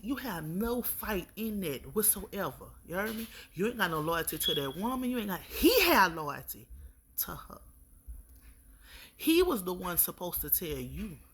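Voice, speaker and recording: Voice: medium pitch, creaky, a bit bright, slightly rough. A spiritual reader giving an intuitive reading straight to the viewer, with blunt, preachy advice, calling the listener baby and checking in often.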